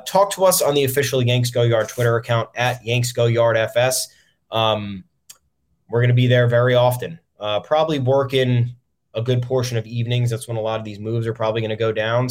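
Frustrated male sports podcast host. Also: medium pitch. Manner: frustrated, swearing, many ums. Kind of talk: solo sports podcast commentary.

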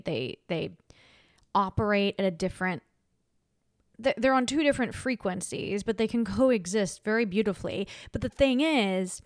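A woman's voice: sing-song, moderate pace, no room sound. Young woman podcast host, casual chaotic monologue, dry close mic, mid-range voice with big swings. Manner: chatty and chaotic, self-interrupting, dramatic swings of pitch and volume.

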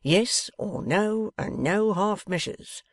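Guy doing a creaky old crook, one wooden leg, gloating, slow and mean. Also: on the high side, animated, dry recording, heavily acted. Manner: menacing, deliberate, turns w for v. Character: grasping one-legged scheming male blackmailer.

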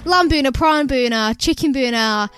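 A young woman with a high, bright-toned voice, chatting casually and swearing freely. She gets excitable and gushing, and a little music plays faintly behind her. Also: moderate pace, smooth. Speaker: podcast co-host, quiz contestant. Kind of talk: casual chat.

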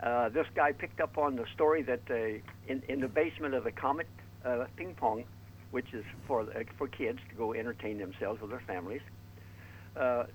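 Male caller on a radio show, halting retelling, faint line noise. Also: medium pitch, steady tone, low-quality recording. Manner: halting, searches for details. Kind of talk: phone-in call.

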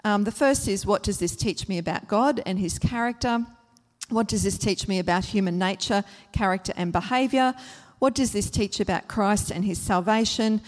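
A woman of mid pitch gives a church teaching talk in a calm, explanatory way, often pausing on um and uh. She leans on repeated phrases to stress each word in turn. Her voice carries a long hall reverb. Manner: gentle, explanatory, many ums and uhs.

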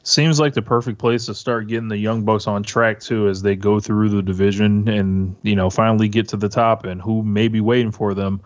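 Brief: male guest, lowish voice, muffled dry call audio, easygoing. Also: flat delivery, normal speed, few pauses, no echo. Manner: easygoing, teasing. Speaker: podcast guest. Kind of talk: casual podcast chat.

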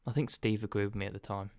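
A man co-hosting a podcast who talks in a hesitant, apologetic, halting way, full of fillers and restarts. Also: on the low side, darkish tone, no room sound, studio quality. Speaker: podcast co-host. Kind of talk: casual podcast banter.

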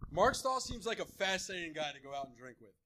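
A man's voice: high voice, big pitch swings, quick pace, sharp tone. A man co-hosting a live podcast, rambling through jokes and swearing casually. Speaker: podcast co-host.

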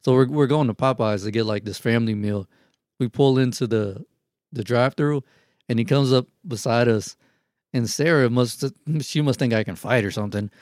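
A man's voice: medium pitch, normal speed, darkish tone, dry recording, clean studio sound. A man telling a wild story in casual, profane podcast chat, acting out the quotes. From Houston, Texas.

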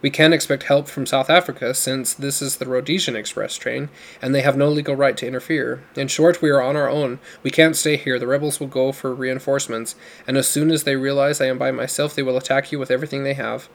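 A man voicing a gruff, commanding older father who talks in a booming, demanding way. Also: steady tone, fairly quick, few pauses, lightly acted. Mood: urgent, commanding.

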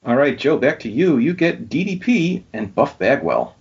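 His voice sits on the high side, with vocal fry and a breathy edge, and he talks at a moderate pace. He's the host of a casual wrestling trivia quiz on a podcast, lively as he reads questions, names and answers. The recording sounds dull and lo-fi.

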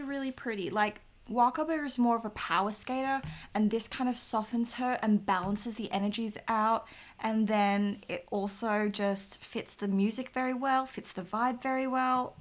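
A woman co-hosting a casual chat show, upbeat and playful. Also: medium pitch. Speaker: podcast co-host. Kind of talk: casual chat about figure skating.

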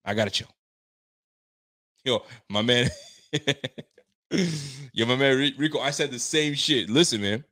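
Man, live-stream host, casual slangy fan talk, animated, swears a lot, mid-pitched voice. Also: unhurried, long pauses. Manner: animated, slangy, swears freely, builds himself up into excitement. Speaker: live-stream host reading viewer comments.

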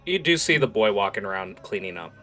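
A man narrating a tabletop role-playing game as game master, with lively scene-setting and frequent fillers. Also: fairly low pitch, a little fast, faint music behind.

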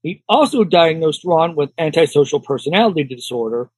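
Husky man, joking podcast co-host. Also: fairly high pitch, expressive, brisk, a little mellow, no room sound. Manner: joking, swears freely. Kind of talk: casual podcast chat.

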